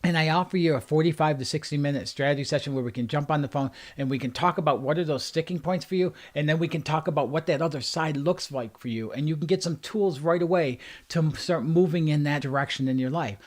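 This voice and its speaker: A man's voice: on the high side, fast, hardly any pauses. Earnest man giving a motivational talk. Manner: earnest, repetitive emphatic phrasing. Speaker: life coach.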